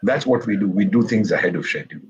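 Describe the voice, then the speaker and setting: A man's voice: fairly low pitch, quick pace, lo-fi sound, a little hiss or hum. A man from India, a retired ambassador on a discussion panel, telling stories with sarcasm and acting out quoted remarks. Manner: wry, sarcastic storyteller who acts out quotes. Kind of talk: lively panel talk with jokes and quoted asides.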